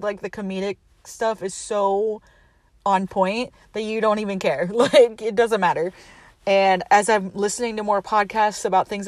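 A woman's voice: medium pitch, dry recording. Chatty young woman, dry close sound. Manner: chatty, lots of "like", laughs often. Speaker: podcast host. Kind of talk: casual movie recap.

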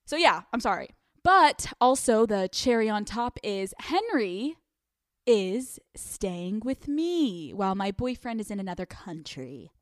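A woman's voice: medium pitch, big pitch swings, unhurried, no echo, studio quality. A woman hosting a podcast in casual chat, candid and profane, laughing often. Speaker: podcast host.

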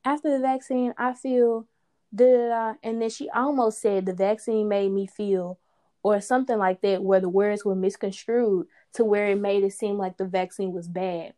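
A young woman co-hosting a podcast, chatting casually and animated, often laughing. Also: medium pitch, moderate pace. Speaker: podcast co-host. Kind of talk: casual chat.

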